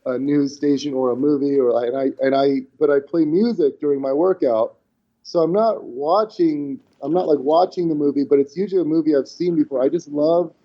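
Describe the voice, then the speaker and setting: Over dull, lo-fi audio, a slightly high, brisk male voice comes through. The speaker, in his forties, is a podcast guest chatting casually, animatedly acting out quotes in his stories with plenty of restarts.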